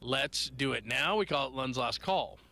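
A man's voice: mid-range voice, lively intonation, normal speed, creaky, noisy background. A man hosting late-night sports radio, rambling and joking in loose asides. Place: radio studio. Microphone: studio microphone.

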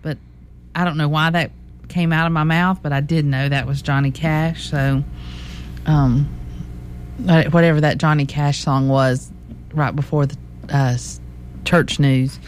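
A woman with a Southern US accent, co-hosting local radio, chatting casually and then slowly reading classified listings and phone numbers. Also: sits low, fairly even intonation, a little hiss or hum. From American South.

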